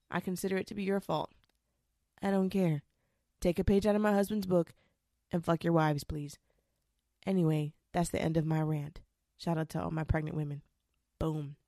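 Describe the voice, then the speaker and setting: A young woman vlogging, ranting bluntly and profanely in a casual, animated way. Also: mid-range voice, dry recording, clean studio sound. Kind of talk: casual rant to camera.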